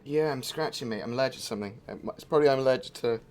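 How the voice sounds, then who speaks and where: This gaming livestreamer talks very fast in a mid-range, slightly mellow voice. His chat wanders, distracted and packed with side remarks, over faint background music.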